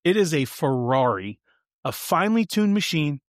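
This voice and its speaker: A man's voice: fairly high pitch, sing-song, moderate pace, no room sound, clean studio sound. A man hosting a podcast alone, delivering sarcastic, punchy and theatrical comedic commentary. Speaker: podcast host.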